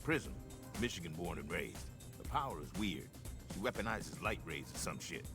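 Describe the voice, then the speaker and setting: A deep, sardonic team veteran. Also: male voice, expressive, moderate pace, over music. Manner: sardonic, swears casually.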